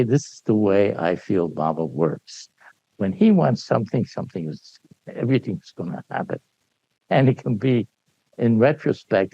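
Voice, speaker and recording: Older male storyteller, gravelly and lively, acts out the dialogue, heard on a dull, dry lo-fi recording. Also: lowish voice, dry recording. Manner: animated, acts out dialogue, laughs often. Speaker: speaker sharing memories at a gathering. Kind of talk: anecdotal storytelling to an audience.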